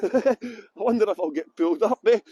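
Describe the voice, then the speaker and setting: Cheeky high-voiced Scottish tour guide. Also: male voice, animated, brisk, dark tone, slightly rough, no room sound, lo-fi sound. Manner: cheeky, joking, chatty greetings to viewers. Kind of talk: livestreamed walking tour chat. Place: city streets outdoors. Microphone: phone on a gimbal.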